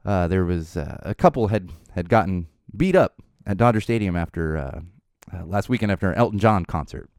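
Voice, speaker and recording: A man in his thirties from the Los Angeles area hosts a podcast in a studio, his deep, darkish voice expressive and a little fast, with clean sound and no echo. The chat is casual and rambling, full of fillers, laughs and the occasional swear word.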